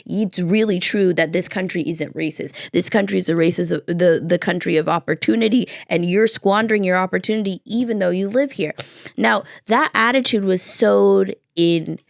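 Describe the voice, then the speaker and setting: American woman ranting on her own podcast, low raspy-fry voice, keeps repeating herself for punch. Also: normal speed, no room sound, studio quality. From United States. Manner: impassioned and rhetorical, hammering points through repetition. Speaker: podcast host. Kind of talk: solo podcast commentary.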